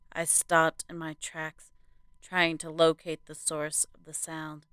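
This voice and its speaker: A woman hosting a podcast and narrating a horror story in a hushed, suspenseful manner. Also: low-pitched, clear, resonant tone, no room sound.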